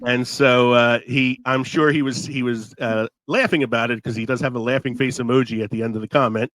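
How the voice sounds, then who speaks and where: Male podcast host, sore throat, talks a lot, mid pitch, dry close sound. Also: steady tone, brisk, fairly bright tone, no echo, poor audio. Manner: talkative, laughs often. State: sore throat, losing his voice. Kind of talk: casual podcast chat.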